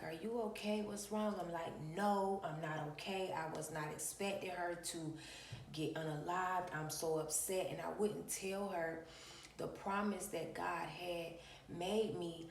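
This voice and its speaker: A woman's voice: on the low side, echoey room, recorded from a distance, a little hiss or hum. An adult woman, telling a personal spiritual story to viewers, emphatic, repeating phrases and calling them y'all.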